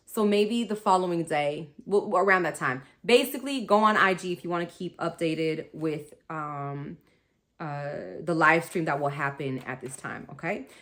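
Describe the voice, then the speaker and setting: A woman's voice: low voice, moderate pace, a bit bright. A woman hosting a spiritual wellness talk, chatty and rambling, laughing often and calling her listeners y'all. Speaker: spiritual wellness podcast host.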